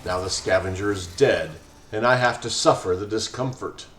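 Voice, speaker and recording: A man's voice: lowish voice, a bit bright, lightly acted. A man voicing Malice, smug serpent alien. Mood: indolent. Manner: slow, indolent and mocking. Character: smug lazy male serpent alien gang leader. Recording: roomy echo, faint music.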